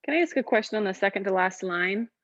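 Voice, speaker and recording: A woman's voice: mid-range voice, fast talker, no echo, dull audio. A woman choir singer politely asking questions during a pronunciation lesson.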